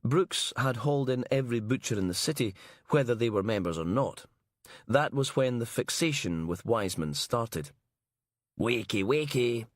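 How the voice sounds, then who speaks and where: A man reading a crime audiobook in a measured, even narration style on a close mic. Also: mid-range voice, no room sound.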